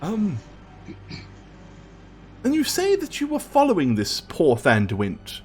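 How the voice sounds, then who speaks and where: A man playing a fussy wizard scholar, high-pitched voice, flustered, tripping over his words, lively swings in tone. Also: takes it slowly, faint music behind, heavily acted.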